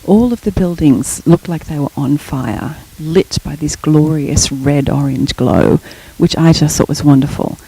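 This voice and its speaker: A middle-aged woman gives a guest lecture in an explanatory, storytelling way. Her voice is mellow and a little gravelly, with a husky edge. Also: sits low, a little slow, hardly any pauses, low-quality recording. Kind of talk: academic lecture.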